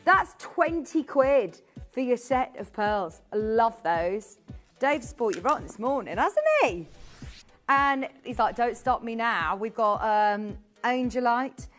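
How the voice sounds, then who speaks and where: A woman's voice: a little high, lively intonation, slow, faint music behind. Bubbly woman shopping presenter. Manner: chatty, bubbly, rattles off prices and buyer names. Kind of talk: live TV sales patter. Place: TV studio.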